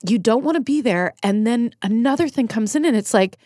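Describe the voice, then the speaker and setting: A woman's voice: a little high, expressive, brisk, warm tone, dry recording, clean studio sound. A middle-aged woman guest, a comedian and TV writer from Northern California, telling a personal story frankly and emotionally, swearing now and then. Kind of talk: candid conversational storytelling.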